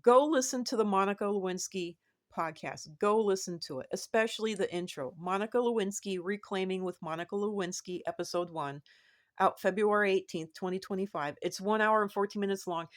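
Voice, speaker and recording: Woman, casual vlog monologue, rambling, repeats herself, animated lifts in pitch. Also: a little fast. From United States. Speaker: vlogger.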